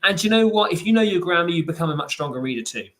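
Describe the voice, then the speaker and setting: Brief: tutor in his forties, slightly high male voice, chatty live lesson, lots of ums. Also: animated, racing, fairly bright tone. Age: 40s. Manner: chatty, upbeat, full of fillers and restarts. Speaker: private tutor. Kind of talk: live online lesson for parents.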